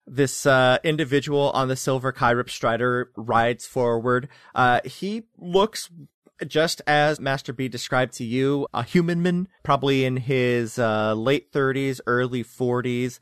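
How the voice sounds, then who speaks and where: A man in a middle pitch narrating a tabletop game as game master. He pauses often and fills gaps with ums and uhs. The sound is dry and close. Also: a bit bright, clean tone, no echo. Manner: thoughtful, pauses with fillers.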